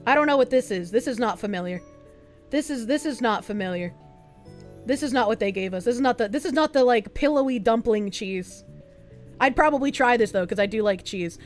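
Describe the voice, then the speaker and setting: A young adult woman streaming, chatting casually in a rambling, excitable way and swearing often. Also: a little high, fairly quick, soft background music. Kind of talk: casual chat.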